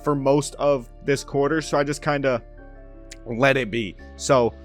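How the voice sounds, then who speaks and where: A young man commenting on his own video game play, bursting into loud calls on made shots. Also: mid-range voice, steady tone, unhurried, soft background music. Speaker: gaming commentator.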